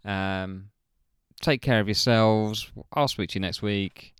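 A male podcast co-host with a lowish, smooth, clear voice. He talks in an easygoing, rambling way, with plenty of ums, and the sound is dry and close. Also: slow, no room sound. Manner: relaxed, rambling sign-off with fillers. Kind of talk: casual chat.

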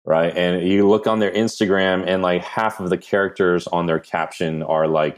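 A man with a New Jersey accent, a podcast guest giving animated, self-deprecating answers in casual conversation. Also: deep voice, moderate pace, few pauses. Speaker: podcast guest, brand strategist.

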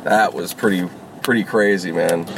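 A man's voice: sits low, steady tone, normal speed, vocal fry, background noise. A man rambling casually while vlogging from inside his car as a rideshare driver, full of fillers, restarts and swearing. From Los Angeles.

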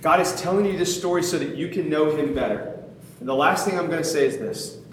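A man preaching a sermon in an animated, conversational way, poking fun at himself. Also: on the high side, brisk, very echoey, a little hiss or hum. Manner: animated, conversational, self-mocking, laughs often.

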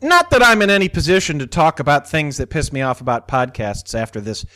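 Guy hosting a podcast, teasing his pals, voice jumps all over, kinda high. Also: very animated, brisk, bright, forceful tone, no echo. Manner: playful, teasing. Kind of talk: casual podcast chat.

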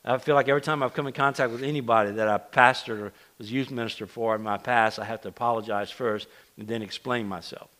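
A man's voice: mid-range voice, fairly even intonation, fast talker, fairly bright tone. A middle-aged man, a pastor, preaching a casual, conversational sermon to his congregation, with self-deprecating asides and frequent restarts. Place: church sanctuary.

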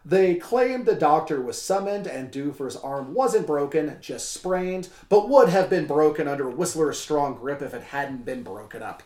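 A man with a somewhat high voice reads old sports reports on a casual podcast, breaking off into jokes and profanity. His voice carries the ring of an echoey room. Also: measured pace, few pauses. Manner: animated, jokey, swearing, acts out quotes. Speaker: podcast co-host reading historical wrestling reports. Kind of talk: casual podcast chat with read-out history. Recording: roomy, echoey room sound.

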